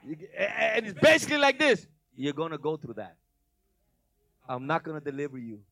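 A man preaching a lively sermon, acting out voices, breaking into shouts and laughing often. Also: very high voice, brisk, dry recording. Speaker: pastor.

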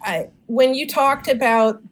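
A woman's voice: high-pitched, measured pace, noisy background. A woman guest on a comedy podcast, cutting in with bawdy jokes. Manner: interrupting, bawdy joking. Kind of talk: casual comedy chat.

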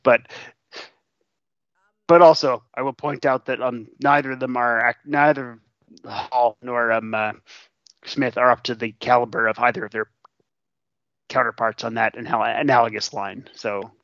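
A man co-hosting a casual podcast, analytical and halting with many restarts, swearing casually. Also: medium pitch, steady tone, creaky, fairly bright tone, no echo. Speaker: podcast co-host. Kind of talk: casual chat. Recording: dry, dull lo-fi mic.

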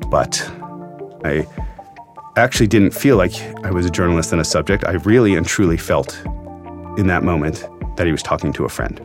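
Low-voiced male journalist, earnest and reflective storyteller, soft music under him. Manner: earnest, reflective, emotional retelling. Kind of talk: storytelling interview.

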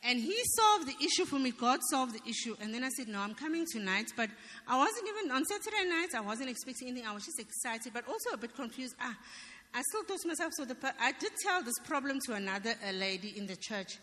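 A woman stands in church giving her personal testimony, earnest and emphatic. Her voice sits fairly high and sounds bright and sharp. The sound carries a long reverb from the church hall. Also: very animated, fast.

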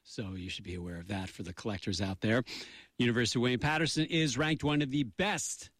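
A man's voice: medium pitch, quick pace, fairly bright tone, no room sound. A middle-aged man co-hosting a radio show, joking around in goofy, mock-pompous banter.

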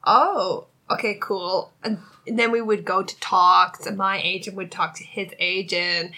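A woman chatting on a podcast in a dry, deadpan way. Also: mid-range voice, normal speed. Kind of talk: casual podcast chat.

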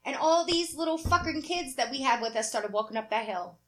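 A high-voiced woman telling a story with swearing and lively put-on quotes. She keeps the chat casual and full of energy, and her pitch sits well above most women's. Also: brisk. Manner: animated, profane storyteller who acts out quotes. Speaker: podcast co-host.

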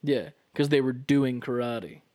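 Animated young male podcast co-host. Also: medium pitch, unhurried. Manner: animated, profane, uses many fillers. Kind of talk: casual podcast chat.

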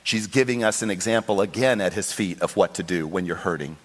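A male pastor preaching a sermon with passion, acting out the voices in the Bible story and rising to high, pleading cries. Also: brisk. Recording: long hall reverb.

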